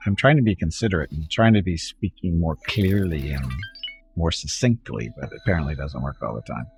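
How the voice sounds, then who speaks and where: A man with a Canadian accent giving relaxed, rambling commentary while streaming a game live and talking to his chat. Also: a bass voice, a little fast, creaky, soft background music. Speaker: gaming streamer. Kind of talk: casual live gameplay commentary.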